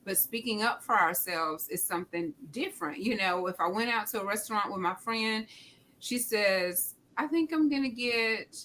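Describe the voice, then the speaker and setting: A woman's voice: medium pitch, normal speed, pushed and bright, rough recording. Reflective woman host, faint background hiss. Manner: reflective, personal, acts out remembered dialogue. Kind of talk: casual conversation.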